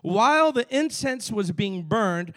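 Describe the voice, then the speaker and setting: A man with a Cuban accent, a pastor preaching a sermon to his congregation with energetic call-and-response. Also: high voice, a little slow. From Cuba. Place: church sanctuary.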